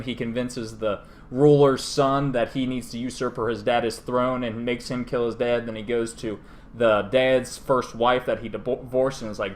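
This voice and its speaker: A man's voice: mid-range voice, fairly even intonation, normal speed. A man hosting a podcast, casually retelling fantasy lore in a rambling, irreverent way full of fillers. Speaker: podcast host.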